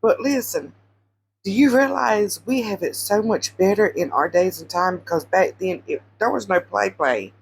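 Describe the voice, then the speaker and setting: A woman casually retelling Bible stories, animated, repeating phrases for emphasis and quizzing her listeners. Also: mid-range voice, moderate pace, gravelly, a little hiss or hum. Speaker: Christian social media storyteller.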